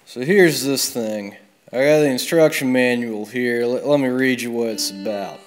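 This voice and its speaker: A man hosting a video game let's play, telling a rambling comic bar story in a deadpan drawl with plenty of swearing. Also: mid-range voice, normal speed, faint music behind. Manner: deadpan drawl, swears freely, loud bursts on quoted yells. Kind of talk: comic rambling tall tale over gameplay.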